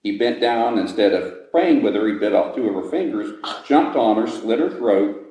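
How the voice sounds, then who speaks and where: Inside an old jail, a guide tells visitors a ghost story, pacing it dramatically and lingering on the grisly details. His voice is lowish, animated and dark, at a normal speed, and the room is echoey.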